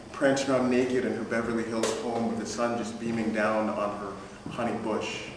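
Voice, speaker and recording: A man's voice: mid-range voice, a little hiss or hum. A man telling a dry, amused story live on a theater stage. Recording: echoey theater, distant mic.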